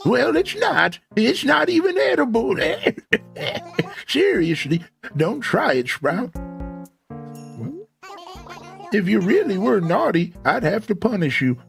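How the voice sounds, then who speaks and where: A man's voice: high-pitched, creaky, voice pushed up, exaggerated voice. A man voicing an old, lazy male tortoise mayor in a quavering grandpa voice, drawling and starting lines with a hesitant "eh".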